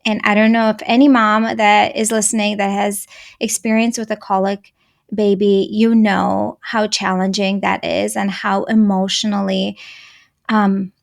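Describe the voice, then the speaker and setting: A woman's voice: mid-range voice, little pitch movement, a little slow, gravelly. A woman in her thirties whose first language is Russian, earnestly telling her story as a guest in a casual interview.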